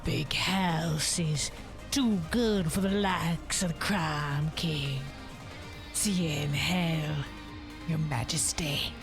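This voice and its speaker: A woman voicing a hard-boiled male noir detective, slow and half-whispered, while playing a game on stream. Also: sits low, creaky, over music, exaggerated voice. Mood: tough.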